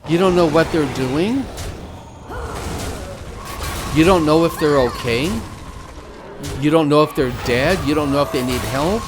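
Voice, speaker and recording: A man hosting a game video who preaches between moves, unhurried and repeating his phrases like a sermon. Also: fairly high pitch, music in the background. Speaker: gaming channel host. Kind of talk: gameplay commentary mixed with preaching.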